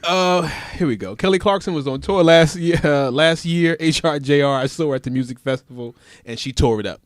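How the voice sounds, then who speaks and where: A man co-hosting a talk radio show, excitable and teasing, laughing often in casual banter. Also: fairly high pitch, brisk, no echo, studio quality. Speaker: radio co-host.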